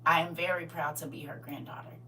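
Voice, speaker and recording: Emotional woman preaching live on her phone, bright voice, bit far from the mic w/ faint hum, goes loud then whispery. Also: low-pitched, quick pace. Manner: animated, preachy, switches between loud exclaiming and soft near-whispers. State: emotional, near tears. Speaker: online minister and livestream host. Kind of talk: casual livestream preaching.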